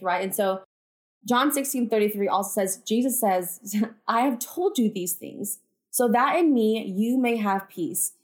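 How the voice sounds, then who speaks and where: A woman hosting a podcast, talking to her listeners about faith in a chatty, earnest way, full of "like" and "you guys", and declaring things with conviction. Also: on the high side. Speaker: podcast host. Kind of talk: casual faith talk to listeners.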